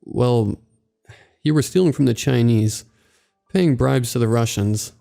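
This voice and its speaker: A man doing a gruff gossiping mover. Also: mid-range voice, a little slow, warm tone, faint music behind. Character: gruff middle-aged male mover, gossiping.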